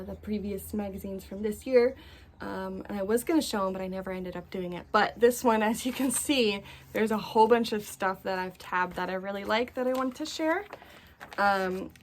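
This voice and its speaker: A woman's voice: mid-range voice, a little hiss or hum. Chatty woman gushing over craft patterns. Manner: chatty and gushing, many fillers. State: a bit out of breath. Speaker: cross-stitch vlogger. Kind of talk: casual chat.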